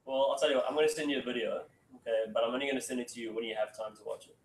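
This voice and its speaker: A man's voice: mid-range voice, rapid-fire, a little hiss or hum. A man giving a casual sales training talk to a room. He keeps saying "okay" and acts out phone calls. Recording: echoey room, mic from far off.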